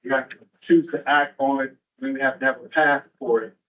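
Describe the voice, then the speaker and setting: A man's voice: medium pitch, fairly even intonation, brisk, fairly bright tone. A man from Atlanta giving a motivational, storytelling keynote at a training event, with a rhythmic delivery and rhetorical asides. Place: large room at a training event. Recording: muffled, distant from the mic.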